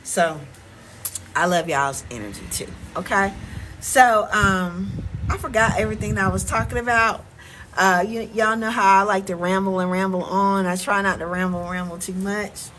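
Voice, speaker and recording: A woman's voice: mid-range voice, normal speed, a bit bright, low-quality recording. Middle-aged woman, Southern accent, emphatic, repetitive, phone livestream, faint background noise. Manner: emphatic, repeats words, frequent "okay?" check-ins. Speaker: vlogger and relocation coach. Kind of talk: casual livestream talk to viewers.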